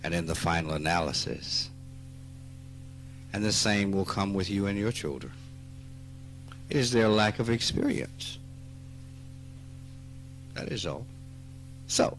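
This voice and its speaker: A man with a Southern US accent giving a spiritual talk, slow and emphatic, teasing his listeners and rising into animated outbursts. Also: low-pitched. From Mississippi. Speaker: spiritual teacher. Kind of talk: spoken dharma talk. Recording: archive talk recording with faint music.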